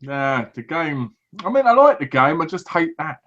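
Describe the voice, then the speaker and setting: A man with a bright, slightly high voice, chatting loosely about video games and swearing as he goes. He slips into quick mock voices to act out what other players say. The recording is dull and lo-fi. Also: very animated. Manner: swears freely, acts out mock quotes. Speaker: podcast co-host. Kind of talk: casual gaming chat. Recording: dull lo-fi audio.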